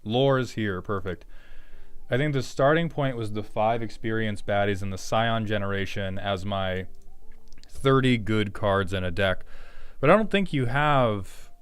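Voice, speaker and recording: A man's voice: lowish voice, measured pace, clean tone. A young man streaming live, casually reviewing and roasting viewers' card decks in a blunt, joking, profane way. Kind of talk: casual livestream commentary.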